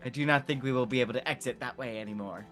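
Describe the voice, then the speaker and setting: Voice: medium pitch, racing, a bit bright, faint music behind, pitched below the performer's own voice, lightly acted. A player voicing a dramatic male adventurer with a put-on British accent, grave and theatrical. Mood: grave alarm.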